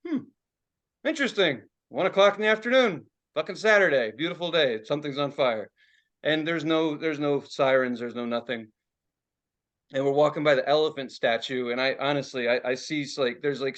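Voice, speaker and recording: A Philadelphia man with a mid-range voice co-hosts a podcast, rambling through a profane story in casual conversation and laughing along the way. The audio sounds dull.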